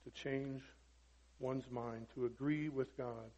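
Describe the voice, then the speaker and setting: A man preaching a sermon emphatically, peppering it with rhetorical questions and swinging from loud to hushed. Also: mid-range voice, fairly even intonation, slow pace. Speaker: pastor. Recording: dull lo-fi recording with long hall reverb.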